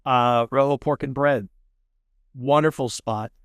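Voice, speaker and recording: A man's voice: mid-range voice, fairly even intonation, unhurried, fairly bright tone, smooth, no room sound. A man guesting on a podcast, talking casually and with enthusiasm, saying "man" and "dude" a lot. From California. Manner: laid-back, enthusiastic, says "man" and "dude" often. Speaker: podcast guest, food show host. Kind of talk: casual chat. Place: podcast studio.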